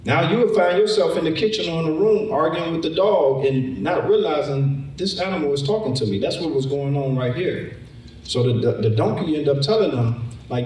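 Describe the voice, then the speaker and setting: A man's voice: a little high, lively intonation, a little fast, a little mellow. A man preaching a Bible lesson in a conversational way, often repeating words and acting out the story. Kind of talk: sermon, Bible teaching. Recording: echoey room, mic far off.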